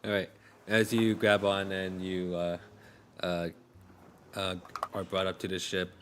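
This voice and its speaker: A man narrating as game master in a tabletop game, hesitant and full of pauses and restarts. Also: low voice, little pitch movement, fairly bright tone, slight background noise. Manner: hesitant, many fillers and restarts.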